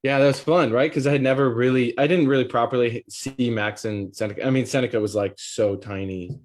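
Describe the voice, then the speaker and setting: A man's voice: medium pitch, fairly even intonation, brisk. A young adult man in a casual podcast chat, talking eagerly but hesitantly with many fillers.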